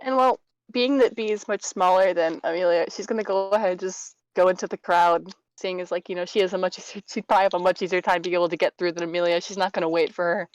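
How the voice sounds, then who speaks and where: A woman playing in a tabletop game with a fairly low voice. She talks quickly and rambles as she explains what her character does. The recording is dry and close. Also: fairly even intonation, clean tone, no echo, rough recording. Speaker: player. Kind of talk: casual tabletop game chat.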